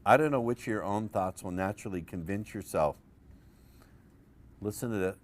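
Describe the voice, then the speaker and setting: A man with a very low voice teaches a live seminar to a room of listeners. He is playful and profane, and keeps drawing the audience in with questions. Faint noise sits under his voice. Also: moderate pace, a little mellow. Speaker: seminar presenter teaching persuasion.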